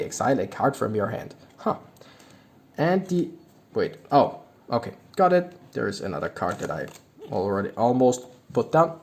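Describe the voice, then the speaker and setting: Young adult man, fairly high and very animated voice, casual card-opening commentary with excitable outbursts. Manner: reads card text aloud, excitable reactions. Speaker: YouTuber opening card packs.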